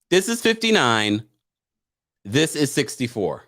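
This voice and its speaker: A man hosts a live recap stream in a loose, casual way, reading out viewer comments and reacting with laughs. His voice is mid-pitched and very animated, swinging up and down as he talks. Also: normal speed. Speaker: live recap show host.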